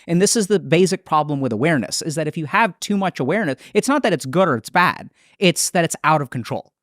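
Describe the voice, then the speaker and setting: A psychiatrist in a podcast interview, a man explaining his ideas thoughtfully, with quick restarts. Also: fairly high pitch, expressive, a bit bright, no room sound, clean studio sound.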